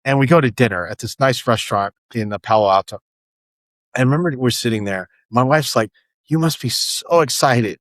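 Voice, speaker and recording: Speaking briskly in a fairly bright, medium-pitched voice with no echo, this man in his fifties is a startup founder guesting on a casual podcast. He rambles through his stories, often restarting sentences and repeating words.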